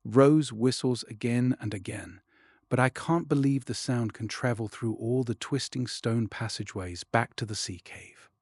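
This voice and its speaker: A man narrating a children's storybook in first person, expressive and dropping to a hush at tense moments. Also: medium pitch, moderate pace, no room sound, studio quality. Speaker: audiobook narrator.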